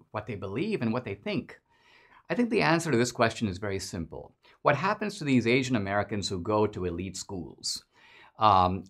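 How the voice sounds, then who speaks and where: Male podcast host, lively pitch, mocking, emphatic commentary. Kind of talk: political commentary monologue.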